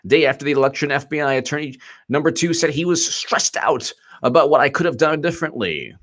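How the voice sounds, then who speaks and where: A man in his forties hosting casual political commentary, animated and quick to laugh, reading quotes aloud in a mocking tone. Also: fairly high pitch. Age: 40s. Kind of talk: casual live-stream commentary.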